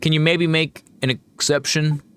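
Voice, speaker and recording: A man voicing a courteous, earnest young noblewoman who gently scolds her companion. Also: on the high side, flat delivery, moderate pace, a little hiss or hum, voice pushed up, lightly acted. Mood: earnest, polite.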